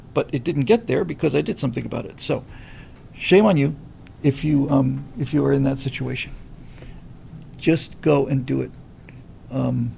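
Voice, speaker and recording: A middle-aged man hosting a casual livestream, rambling and animated as he reads viewer comments. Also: a little high, gravelly, slight background noise. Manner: rambling, animated, many restarts. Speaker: livestream host reading super chats.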